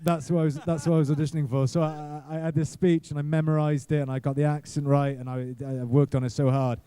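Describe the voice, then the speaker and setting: Halting, rambling man telling stories. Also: a little high, little pitch movement, mellow, clean tone, no room sound. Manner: rambling, self-deprecating, halting restarts. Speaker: guest actor. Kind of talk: casual convention panel storytelling. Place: convention panel room.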